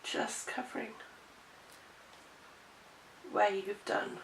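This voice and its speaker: A woman's voice: mid-range voice, steady tone, very slow, vocal fry. Breathless woman demonstrating crafts. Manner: chatty, self-deprecating, talks while working. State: out of breath, coughing. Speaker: craft tutorial presenter. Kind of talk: chatty step-by-step craft demonstration. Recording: echoey room, distant mic, noisy background.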